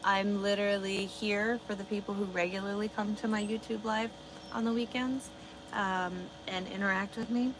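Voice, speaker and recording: Woman trucker livestreamer, blunt and profane, mid-pitch, noisy background. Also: flat delivery, moderate pace. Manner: blunt, swears a lot, talks back to chat. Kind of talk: casual livestream chat reading comments.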